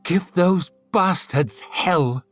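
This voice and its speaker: Man doing a stern noblewoman, fierce, clipped, higher voice, dry sound. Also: big pitch swings, moderate pace, breathy edge, no echo, soft background music, exaggerated voice.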